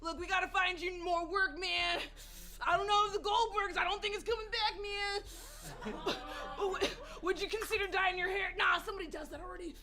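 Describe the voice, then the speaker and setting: A woman's voice: very high-pitched, steady tone, fairly quick, bright, forceful tone, soft background music. A woman voicing a pushy, desperate male talent manager who ends every phrase with "man".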